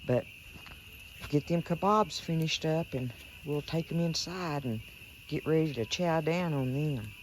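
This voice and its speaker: A woman's voice: deep voice, measured pace, a little hiss or hum. A woman hosting a casual cooking demonstration, chatty and folksy, talking straight to her viewers outdoors at night. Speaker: cooking show host.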